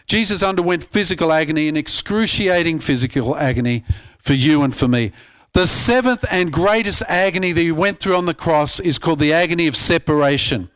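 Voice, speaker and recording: Pastor guy giving an earnest sermon, voice a bit on the high side, gets emphatic. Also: fairly bright tone, clear, resonant tone. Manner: earnest preaching, rising to emphatic peaks, with repeated restarts.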